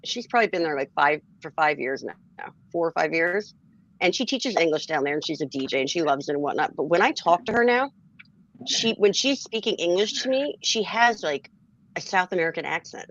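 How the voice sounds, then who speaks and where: A woman's voice: lowish voice, a little fast, muffled recording. A woman from Philadelphia with a faint Philly accent, chatting casually and telling stories with laughs mixed in. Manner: animated storyteller, laughs between lines. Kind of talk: casual chat.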